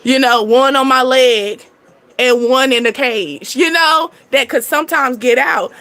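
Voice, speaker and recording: A woman doing a casual tarot reading, chatty and animated, breaking into laughter as she tells stories. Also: high-pitched, measured pace. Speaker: tarot reader.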